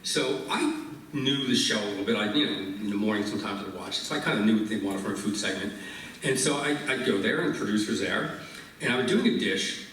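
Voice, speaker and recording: A man, a chef, telling a lively anecdote on stage at a live interview, with laughs and restarts. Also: fairly low pitch, a little fast, slight background noise. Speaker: chef and guest. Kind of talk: storytelling on stage. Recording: very echoey hall, from far off.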